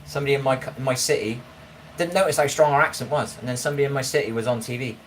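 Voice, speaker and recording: A man's voice: medium pitch, steady tone, racing, slight background noise, rough recording. A man, chatting casually with viewers on a live stream, bantering and swearing now and then. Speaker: livestreamer reading chat.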